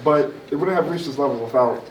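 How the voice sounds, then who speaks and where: A man's voice: a little high, quick pace. A male reporter asking a long, winding question at a press session. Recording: distant and roomy with faint noise.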